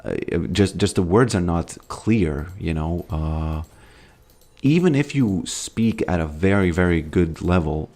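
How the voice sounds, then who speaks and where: A man's voice: low voice, expressive, unhurried, a little mellow. A man with an American accent casually commenting on his gameplay as a streamer, reading chat questions aloud and rambling with loose, trailing thoughts.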